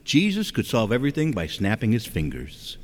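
A man's voice: on the low side, a little fast. A man preaching a conversational sermon in a church, asking rhetorical questions and talking straight to the congregation. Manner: animated, asks rhetorical questions, acts out quotes. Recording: long reverb of a church.

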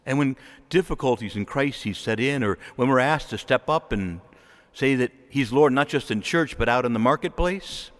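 A man, a Catholic priest, delivering a lively homily in church, acting out quoted voices and chuckling often. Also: medium pitch, normal speed, in a large hall.

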